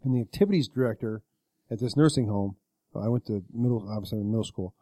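Fast-talking rambling man, dry mic. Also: fairly low pitch, mellow, no echo. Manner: rambling storyteller, self-deprecating, swears casually. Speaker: podcast co-host. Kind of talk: casual podcast chat.

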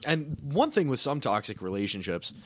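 A man's voice: medium pitch, sing-song, moderate pace, breathy edge, no echo. A man co-hosting a casual podcast, joking around with puns and laughing often. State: yawning, tired. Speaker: podcast co-host.

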